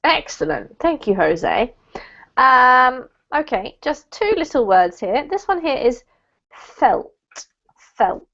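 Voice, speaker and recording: Woman teacher, online class, encouraging, slightly high voice, dull lo-fi call audio. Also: sing-song, takes it slowly, bright, forceful tone. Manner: encouraging, corrects word stress. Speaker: English pronunciation teacher.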